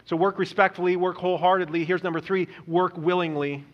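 High-voiced pastor preaching in a hall. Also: male voice, fairly even intonation. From Indonesia. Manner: earnest preaching with repeated words and slowed emphasis on quotes. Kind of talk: sermon. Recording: dull lo-fi recording in a reverberant hall.

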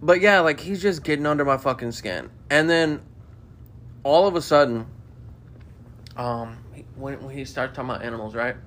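A man's voice: medium pitch, normal speed, a bit bright. A man with a Southern US accent, co-hosting a podcast in casual chat and telling stories while mimicking the people he quotes. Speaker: podcast co-host.

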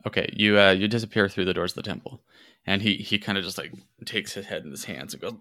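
A man's voice: low voice, fairly even intonation, fast talker, sharp tone. A man narrating a tabletop game as game master, hesitant and playful, with many fillers.

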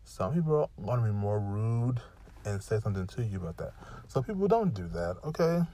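A man's voice: lowish voice, big pitch swings, brisk, warm tone. A man hosting his own freestyle podcast, venting with exasperation in rambling run-on sentences that sometimes rush and sometimes stretch out. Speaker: podcast host. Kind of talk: solo freestyle podcast rant.

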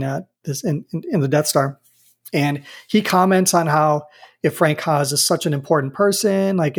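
A man with a slightly higher, husky voice chatting casually on a podcast. He retells things in a rambling, amused way, doubling back on his words as he goes. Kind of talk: casual chat.

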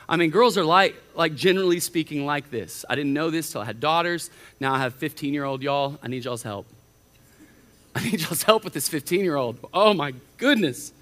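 A middle-aged man, a college pastor preaching a sermon in an animated way, often acting out the voices of the people he quotes. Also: on the high side, moderate pace. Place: church auditorium. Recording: reverberant church hall.

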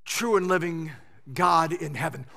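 A man pastor preaching a sermon in a church sanctuary, animated and swinging between loud shouting and hushed intensity. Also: on the high side, unhurried, vocal fry. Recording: long church-hall reverb.

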